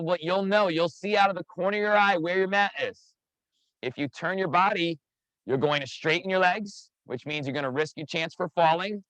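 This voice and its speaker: An energetic man coaching a live online workout class over a video call, counting down reps and calling out participants by name. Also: a little high, no room sound, rough recording. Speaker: fitness instructor.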